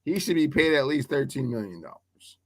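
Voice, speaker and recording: A man's voice: mid-range voice, very animated, a little fast. A man co-hosting a sports talk show, needling his partner and repeating the same question to pin him down. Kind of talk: heated sports debate.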